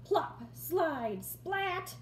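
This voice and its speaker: A woman's voice: extremely high pitch, drawn-out words, slight background noise. A woman teacher reading a picture book aloud to young children, expressively. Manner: expressive, storytelling. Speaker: first grade teacher. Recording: roomy echo.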